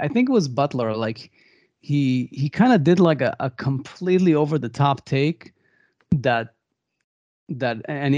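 A man co-hosting a movie podcast, telling a behind-the-scenes story in a rambling, animated way with many restarts. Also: a little high, dry recording. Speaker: podcast co-host. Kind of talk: casual movie discussion.

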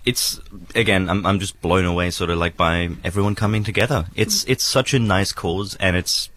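A man's voice: sits low, steady tone, normal speed, fairly bright tone. A man presenting a casual breakfast radio show from a festival studio, chatty and rambling with restarts.

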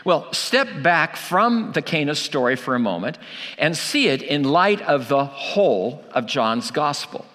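A man's voice: fairly high pitch, big pitch swings, a little slow, sharp tone, big-room sound. A man preaching a sermon, emphatic, asking rhetorical questions and repeating key lines for weight.

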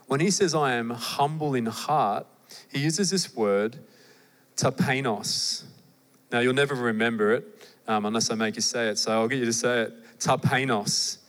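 A young adult man with an Australian accent, preaching a sermon in a conversational, animated way with asides to the listeners. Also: medium pitch, normal speed. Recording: long hall reverb.

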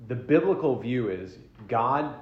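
A man's voice: medium pitch, animated, measured pace. A man leads a church marriage class, speaking in an easy, conversational way to a group in the room. He repeats and restarts his words and asks the listeners questions. The recording is roomy and slightly dull, with a lo-fi sound.

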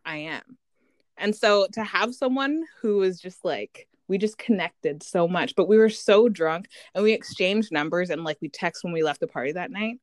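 Low-voiced woman telling a lively story. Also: moderate pace, no echo. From Canada. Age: 30s. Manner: animated storytelling, acts out quoted voices, laughs often. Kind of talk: casual chat.

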